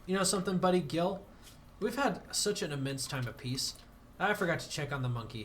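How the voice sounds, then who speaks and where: This is casual game livestream commentary from a man whose voice sits on the higher side, brisk and expressive, with a bit of noise behind him. He wanders from topic to topic, pokes fun at himself, and flares into playful fake indignation.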